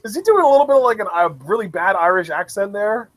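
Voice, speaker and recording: Lively unhurried man reacting, dry sound. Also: sits high, no room sound. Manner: expressive, laughing, swooping exclamations. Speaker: co-host reacting to a wrestling broadcast. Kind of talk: live reaction chat.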